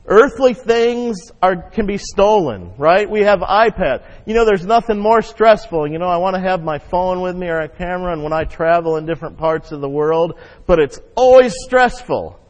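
A man's voice: high-pitched, animated, normal speed, hardly any pauses. Preaching man in an echoing hall. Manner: call-and-response preaching, rising loud on key points. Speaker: pastor. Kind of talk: sermon. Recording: muffled sound with long hall reverb.

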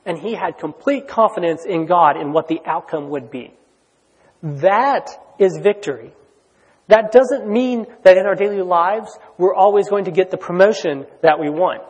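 A man preaching a sermon in a conversational, excitable way, with lots of "like" and "you know". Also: high voice, breathy edge. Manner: conversational, filler-heavy, excitable. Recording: long hall reverb.

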